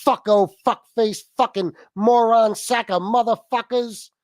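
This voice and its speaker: A man's voice: very high-pitched, fairly even intonation, measured pace, dry recording, studio quality, pitched above the performer's own voice. A man mimicking a furious middle-aged rival who swears and repeats insults. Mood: ranting. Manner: profane, repetitive name-calling.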